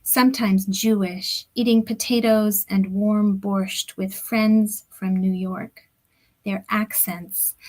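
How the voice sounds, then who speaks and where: Woman, middle-aged, poet, unhurried poetry reading, measured phrasing, soft near-whispers, video call mic. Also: mid-range voice, rough recording. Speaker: poet reading her own work. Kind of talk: poetry reading at a book launch. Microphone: computer or headset mic on a video call.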